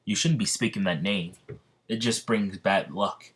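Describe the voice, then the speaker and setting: A man reading out a gruff fruit seller. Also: lowish voice, measured pace, a bit bright. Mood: brusque. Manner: brusque.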